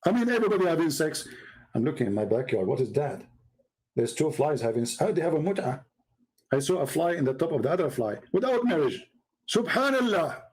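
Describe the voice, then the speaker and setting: A man giving mocking, sarcastic commentary as he reads from a website on screen. He swings from low mutters to sudden high exclamations. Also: sing-song, fairly quick, darkish tone, low-quality recording. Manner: mocking and sarcastic, with exaggerated mock praise. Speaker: religious debater and commentator.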